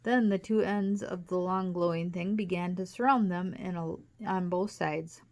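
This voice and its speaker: A woman reading a children's chapter book aloud with lively storytelling. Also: fairly low pitch, normal speed. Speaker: audiobook reader.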